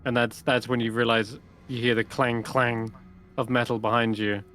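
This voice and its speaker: A man acting as game master, narrating a live tabletop game and thinking aloud with pauses as he runs the combat. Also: mid-range voice, level tone, fairly bright tone.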